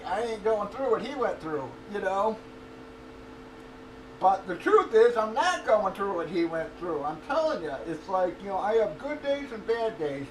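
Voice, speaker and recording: A middle-aged man talking casually and bluntly, swearing and laughing often as he vents about his cancer treatment. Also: high-pitched. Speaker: livestreamer. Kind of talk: casual chat. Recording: roomy echo, distant from mic, faint noise.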